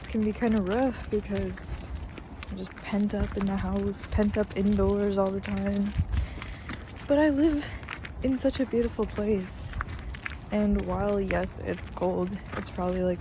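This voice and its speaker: A young woman talking casually in a vlog, soft and half-whispered at times, then gushing and emotional. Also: medium pitch, noisy background. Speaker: vlogger. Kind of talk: casual vlog talk to camera. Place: outdoors on a winter hike.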